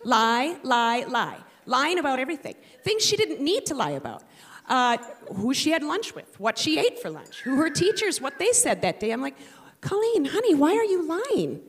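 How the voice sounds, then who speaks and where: A middle-aged woman tells a comic story in an animated, self-mocking way. Her voice sits high and swings widely in pitch. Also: normal speed, big-room sound.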